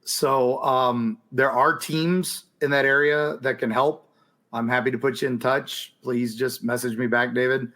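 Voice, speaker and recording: Man co-host, casual, hesitant, mid-pitched everyday voice. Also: a little slow. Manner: relaxed, rambling, hesitant with ums. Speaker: podcast co-host. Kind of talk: casual chat answering listener questions.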